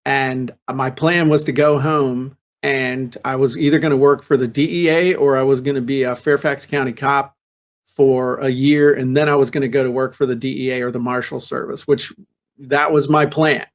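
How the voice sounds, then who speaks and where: A man hosting a casual business podcast, telling a personal story with lively restarts and repeated words. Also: medium pitch, normal speed. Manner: laughs easily and jokes. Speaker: podcast host. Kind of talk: casual chat.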